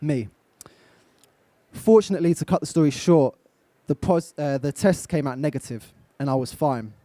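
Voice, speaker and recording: This is a live motivational talk from a young man from England, who questions his audience from an event stage in a direct, coaching manner. The pitch is fairly high, the tone warm, and the speed normal, with no room sound captured.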